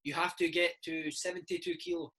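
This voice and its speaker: A fiery Italian football manager laying down the law in clipped broken English, as a Scottish man imitates him with a put-on accent, his voice husky and bright. It is a theatrical, strict figure told as a dressing-room anecdote. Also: a little high, little pitch movement, brisk, low-quality recording. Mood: stern.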